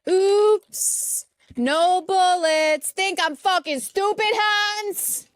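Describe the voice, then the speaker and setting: A woman's voice: very high voice, drawn-out words, dry recording, voice pushed up, heavily acted. A woman playing a tough male New York cop who swears and cracks wise. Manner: gruff swearing, wisecracks.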